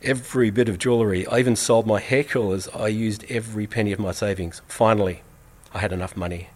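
Brief: man, fairly deep voice, earnest measured storytelling read aloud. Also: fairly even intonation, a little mellow. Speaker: reader. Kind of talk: reading a first-person story aloud.

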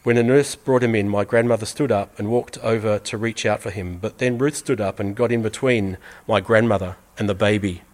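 Low-voiced man reading a story aloud. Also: fairly even intonation, brisk, hardly any pauses, a little mellow. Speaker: reader.

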